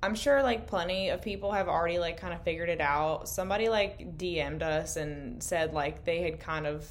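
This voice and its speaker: Young woman, podcast co-host, lowish voice, candid rambling chat, swears freely, slightly worn voice. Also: normal speed, a little hiss or hum. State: losing her voice. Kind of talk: casual late-night chat. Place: indoor room, in person.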